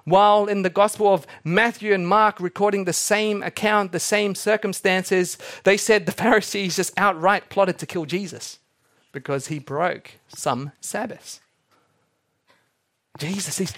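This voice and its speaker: A man's voice: high voice, fairly even intonation, measured pace, fairly bright tone. A young adult man preaching a sermon, telling the story with energy and acting out the characters he quotes. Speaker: pastor.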